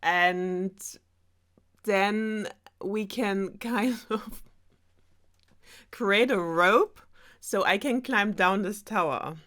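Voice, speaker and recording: A woman with a German accent voicing a naive, isolated teenage girl trapped in a tower, excited and breathless. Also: medium pitch, drawn-out words, long pauses, voice pushed up. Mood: eager.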